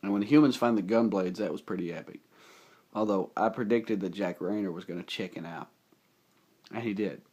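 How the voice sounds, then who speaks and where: A man casually recapping a movie plot, rambling and excitable, his voice a bit rough from feeling unwell. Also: fairly low pitch, a little fast. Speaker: movie reviewer. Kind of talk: casual spoken film recap.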